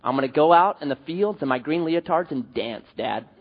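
A man voicing a stubborn young man who flatly refuses his father. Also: a little high, a little fast, pitched below the performer's own voice. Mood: defiant. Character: stubborn, defiant young shepherd. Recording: dull sound, long hall reverb.

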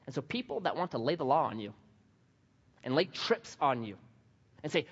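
A man's voice: mid-range voice, moderate pace, pauses often, breathy edge. A man preaching a sermon as pastor, telling funny stories and repeating lines for emphasis. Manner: animated, humorous storytelling with emphatic repetition. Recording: dull sound, long hall reverb.

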